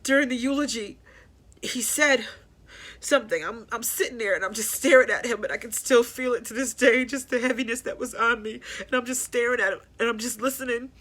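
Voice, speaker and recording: A woman hosting a personal grief podcast, talking candidly and haltingly, repeating herself as she works through her thoughts. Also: fairly high pitch, a bit bright. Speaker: podcast host.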